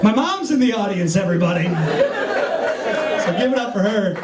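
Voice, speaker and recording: A male stand-up comedian with a high, very lively voice who acts out each line of his story. He stands a little back from the mic, and the room echoes. Audience noise stays under him the whole time. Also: normal speed, recorded from a distance, a loud crowd. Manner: animated storytelling, acting out dialogue. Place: hotel lounge comedy stage. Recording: echoey lounge, noisy live audience.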